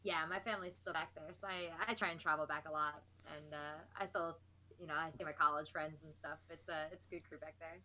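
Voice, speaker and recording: Bright-voiced woman from New Jersey. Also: deep voice, steady tone, a little fast, slight background noise. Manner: chatty, laughs often, many fillers. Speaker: guest, esports host. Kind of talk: casual interview chat.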